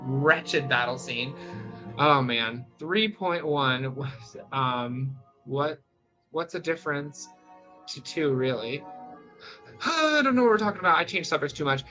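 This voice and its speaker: Young adult streamer, casual rambling chat, bright tone, faint game music behind. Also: medium pitch, a little slow, low-quality recording. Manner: rambling, animated ranting. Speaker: gaming streamer.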